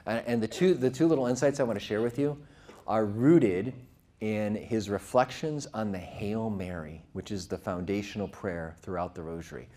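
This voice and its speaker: A man's voice: on the low side, moderate pace, warm tone. Earnest man speaking to an audience. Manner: earnest, conversational, asks the audience questions; vivid storytelling with quoted voices. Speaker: Catholic speaker. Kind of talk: talk to a live audience.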